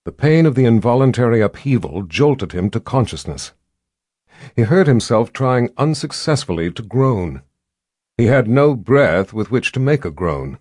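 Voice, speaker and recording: A man narrating a fantasy audiobook with measured, dramatic pacing and drawn-out pauses. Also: medium pitch, big pitch swings, a little mellow, no echo, studio quality.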